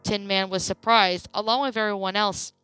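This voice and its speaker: A woman narrating a creepypasta story in a plain, steady reading voice. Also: mid-range voice, normal speed, soft background music.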